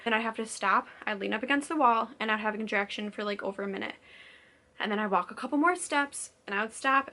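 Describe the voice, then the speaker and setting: Bright-voiced young woman, chatty storyteller. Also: a little high. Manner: chatty, says "like" constantly, acts out quotes. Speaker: vlogger. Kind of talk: casual storytelling to camera.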